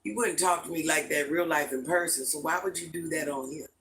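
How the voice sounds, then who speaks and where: A woman's voice: sits low, fairly quick, a bit bright, slight background noise, rough recording. An older woman hosting a casual livestream from home, chatting with viewers and greeting them with pet names. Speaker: livestream host.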